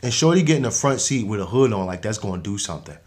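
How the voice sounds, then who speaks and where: A man's voice: on the low side, animated, quick pace, a little mellow. A man hosting a podcast, recapping a movie in casual slang, rambling with frequent restarts and laughs. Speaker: podcast host.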